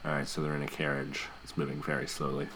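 A man narrating an improvised comedy audio play in a casual, deadpan way. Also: a bass voice, fast, heavy background noise.

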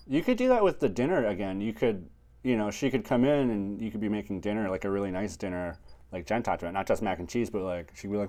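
A man co-hosting a comedy podcast, giving rambling deadpan advice in improvised chat. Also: on the low side, fast talker.

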